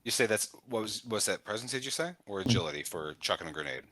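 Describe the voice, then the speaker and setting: A man takes his turn in a tabletop game, thinking out loud in a playful, rambling way. His voice is bright and forward. The recording is dry and close, with no room sound. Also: lowish voice, lively intonation, fast, no echo. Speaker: player.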